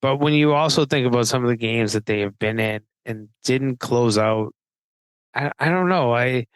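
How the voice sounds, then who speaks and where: A man co-hosting a casual hockey betting chat, talking haltingly and restarting his sentences often. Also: medium pitch, smooth, no echo, low-quality recording. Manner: halting, hesitant, many restarts. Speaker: podcast co-host, hockey writer. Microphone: remote call mic.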